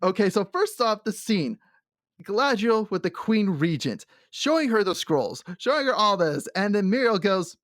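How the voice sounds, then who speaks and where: A man co-hosting a casual podcast who laughs often and acts out quotes from the show in animated bursts. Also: high-pitched, moderate pace, no room sound, clean studio sound. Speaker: podcast co-host. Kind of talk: casual chat.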